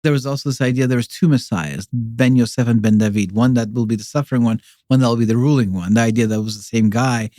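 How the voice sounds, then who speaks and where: A man's voice: mid-range voice, fast, hardly any pauses, warm tone, no echo, clean studio sound. A man talking as a podcast guest, rambling through his ideas with many fillers and restarts. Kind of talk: casual explanatory conversation.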